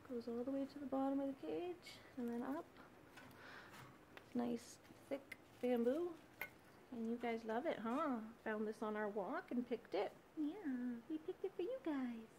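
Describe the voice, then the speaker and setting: A woman chatting to her pet birds at home beside their cage, in soft, sing-song baby talk with frequent small laughs. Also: high voice, unhurried, a little hiss or hum, poor audio.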